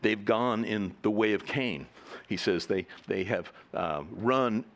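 A man's voice: fairly low pitch, slow pace, fairly bright tone. A middle-aged man preaching a sermon in a conversational, joking way, acting out the voices of the people in his stories. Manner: conversational, jokey, acts out quoted voices. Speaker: pastor.

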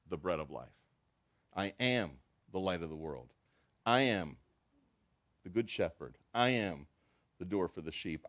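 A man preaching a sermon to his congregation, his voice pitched fairly low. He talks in an animated way and acts out the dialogue he quotes. It sounds like a pastor speaking in church.

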